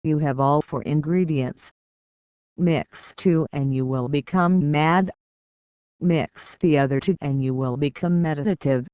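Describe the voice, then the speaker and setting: A man reading a spiritual discourse as an audiobook, in a measured, deliberate way with long pauses between short phrases. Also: a little high, a little mellow, smooth, dry recording. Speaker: audiobook narrator. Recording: dull, slightly muffled dry recording.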